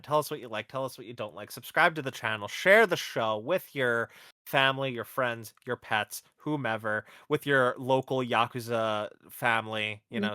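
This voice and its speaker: A man's voice: mid-range voice, sharp tone, no room sound, studio quality. A man hosting a casual podcast chat, rambling and correcting himself as he goes. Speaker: podcast host.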